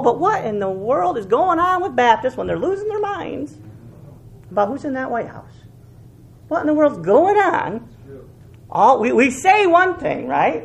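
A man preaching a sermon as pastor, moving from quiet prayer to fervent, emphatic preaching, often repeating phrases for weight. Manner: fervent preaching, swings between loud peaks and hushed lows.

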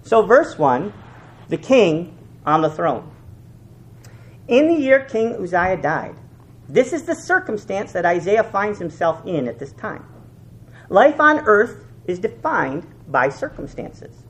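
A man preaching a sermon as pastor, moving from quiet prayer to fervent, emphatic preaching, often repeating phrases for weight. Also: sing-song, takes it slowly. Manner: fervent preaching, swings between loud peaks and hushed lows.

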